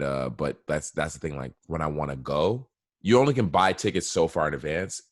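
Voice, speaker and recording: A man with a very deep, gravelly voice talks loosely and keeps cutting in with questions. He speaks in casual, slangy podcast chat. The sound is dry and close. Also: dry recording. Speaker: podcast co-host.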